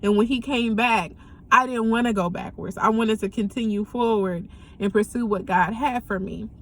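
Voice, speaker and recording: A young woman giving a candid personal testimony, speaking earnestly and haltingly with frequent pauses and ums. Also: fairly high pitch, a little hiss or hum. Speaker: vlogger sharing a personal story.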